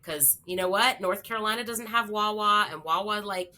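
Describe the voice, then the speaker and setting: A woman in her forties, a podcast guest, telling a story in a chatty, animated way with many fillers. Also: medium pitch, moderate pace. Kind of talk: casual storytelling.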